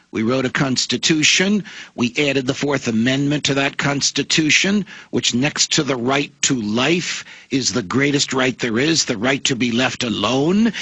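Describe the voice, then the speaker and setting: A man in an impassioned radio interview monologue, his voice gravelly and husky with a forceful, tense edge. He speaks like an orator, stacking emphatic points into lists. The sound is dry and close. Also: medium pitch, no echo, rough recording. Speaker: former judge, radio show guest.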